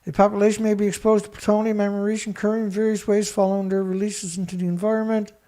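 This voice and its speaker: Mellow-voiced man reading documents with scornful asides. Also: sits high, level tone. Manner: reads dense text haltingly, breaks in with scornful asides to an absent critic. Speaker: show host. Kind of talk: reading documents aloud with commentary.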